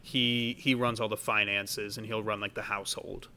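A man's voice: lowish voice, little pitch movement, normal speed, pushed and bright. Man, dungeon master, casual narration, filler words, faint background noise. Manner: loose, casual, filler-heavy. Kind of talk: narrating a tabletop game.

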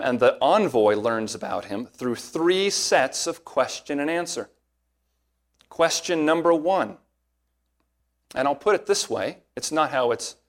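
Guy preaching a sermon, earnest and emphatic, slows down on the big points. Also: mid-range voice. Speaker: pastor. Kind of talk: expository sermon.

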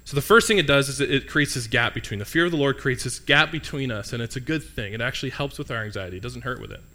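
Talking quickly in a mid-range voice that sounds pushed and bright, this young man preaches an informal sermon, quizzing the congregation and trading jokes with them.

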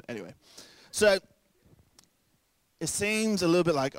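A man's voice: fairly high pitch, sing-song, measured pace, pauses often, no room sound. A young man preaching a sermon in a casual, joking way, acting out quoted voices along the way. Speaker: pastor.

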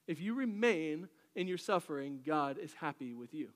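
Preacher guy telling stories and cracking jokes, kinda high voice, big echoey hall. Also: moderate pace. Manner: animated storytelling preacher, jokey asides. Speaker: pastor. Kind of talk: sermon.

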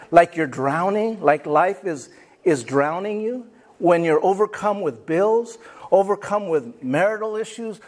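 A man preaching a sermon as pastor to his congregation, talking directly to them and acting out what people say. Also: high voice. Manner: lively, talks to the congregation and acts out quoted people. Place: church.

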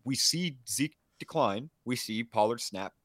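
A man breaks down football stats in a casual podcast chat, analytical and full of fillers. His mid-pitched voice sounds dry, with no room around it. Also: lively intonation, unhurried, fairly bright tone, dry recording. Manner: fluent, filler-heavy, analytical. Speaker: podcast co-host.

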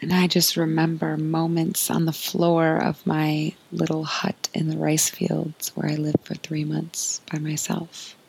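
A woman hosting a podcast, giving a soft, earnest spiritual monologue in a breathy, often whispered voice. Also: deep voice, low-quality recording. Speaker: podcast host.

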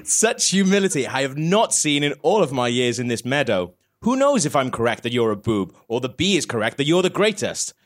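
A man reading the part of a blunt, cheeky butterfly in a fairly plain deadpan voice. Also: medium pitch, fairly quick, few pauses, voice pushed down, natural voice. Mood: musing.

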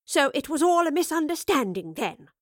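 A woman's voice: medium pitch, normal speed, no echo, studio quality, natural voice. A woman voicing a stern, guarded female professor with a clipped delivery.

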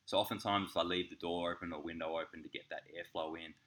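An Australian man, an acupuncturist, telling a funny story in casual podcast chat, animated and laughing as he acts out the people in it. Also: sits low, fast talker. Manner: animated, laughing, swearing, acts out voices in anecdotes.

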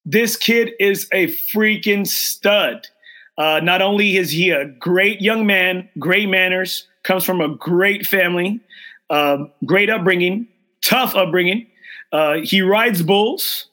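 A middle-aged male host with a high, bright, forceful voice. He talks with open emotion and enthusiasm, circling back and repeating his points as he goes. His delivery is casual and heartfelt. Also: slow pace. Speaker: golf show host. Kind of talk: casual chat, live show sign-off.

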